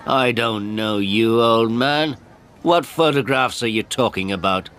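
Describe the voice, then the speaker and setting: A man reading a storybook and voicing a rude male photographer who whines and yelps in a high, strained voice. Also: measured pace, clean tone, close to an everyday voice. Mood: scornful. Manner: shrill, yelping shouts.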